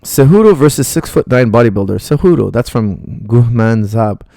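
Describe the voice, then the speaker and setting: A man's voice: medium pitch, animated, normal speed, vocal fry, warm tone, no room sound, clean studio sound. A middle-aged man, a martial arts coach, bluntly rambling through viewer questions on a live stream.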